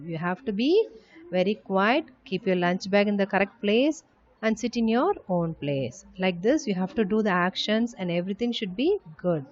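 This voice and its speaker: Slow, emphatic teacher woman. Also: medium pitch, lo-fi sound. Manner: slow, emphatic, reads habits aloud then explains. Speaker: school teacher. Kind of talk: classroom lesson to young children.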